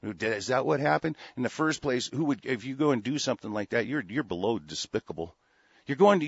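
A man's voice: mid-range voice, breathy edge, no echo, muffled recording. An older man hosting a talk radio show, ranting angrily and cursing often, with frequent restarts. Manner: profane, heated, with frequent restarts. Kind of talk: angry political rant.

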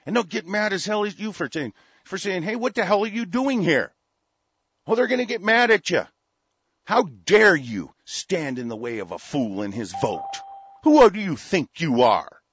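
A man hosting a talk radio show, ranting angrily and profanely, swinging from shouting to muttering. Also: sits high, very animated, normal speed, breathy edge, no echo. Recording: dull, dry lo-fi radio audio.

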